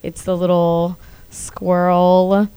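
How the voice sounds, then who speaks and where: A woman's voice: lowish voice, level tone, slow pace, dark tone, clean tone. A young woman chatting as a guest, bubbly and gushing, often giggling. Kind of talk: casual chat.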